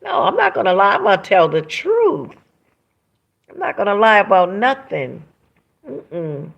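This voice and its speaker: A woman with a mid-range, creaky voice hosts a livestream, reading viewer comments aloud in a very animated, slightly slow delivery. Her emotional monologue turns emphatic and preachy, repeating phrases to drive points home, and the recording has its highs cut off.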